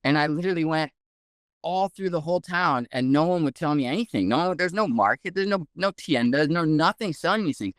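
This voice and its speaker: A man, a guest researcher, telling a story in a casual, animated way with many "like"s. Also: on the high side, brisk, no echo, clean studio sound. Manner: animated, heavy use of "like".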